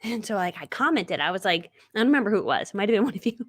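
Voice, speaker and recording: Racing along in a very animated, medium-pitched voice, a middle-aged woman hosts a live stream. She tells stories casually, laughs often, and plays out what people said.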